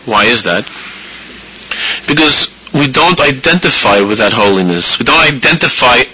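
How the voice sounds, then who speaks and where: A man leads a religious lesson for a live audience in a husky voice with a very sharp, forceful edge. His delivery is animated: he repeats phrases as he builds a point and acts out inner voices along the way. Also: mid-range voice, normal speed, low-quality recording. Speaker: rabbi teaching a class.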